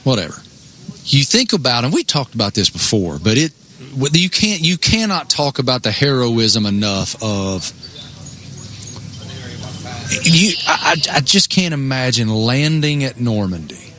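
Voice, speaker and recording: A man from the United States in casual conversation, talking earnestly with halting restarts and self-deprecating asides. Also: medium pitch, sing-song, bright, forceful tone.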